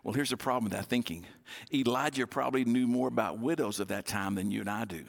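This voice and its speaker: A male pastor preaching a sermon, retelling a Bible story and acting out its dialogue in a lively storytelling manner. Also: mid-range voice, quick pace, vocal fry.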